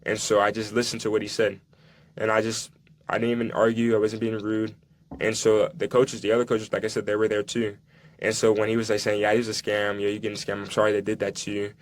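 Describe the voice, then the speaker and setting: A young man with a fairly low voice tells his story in an even tone. He acts out dialogue from his past and restarts his sentences often. This is a casual sit-down conversation. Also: slight background noise. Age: young adult. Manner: recounts dialogue, halting restarts. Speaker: guest, soccer player.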